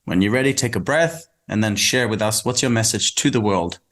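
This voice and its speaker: A man hosting an interview, warmly encouraging his guest and guiding reflective pauses. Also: fairly low pitch. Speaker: podcast host.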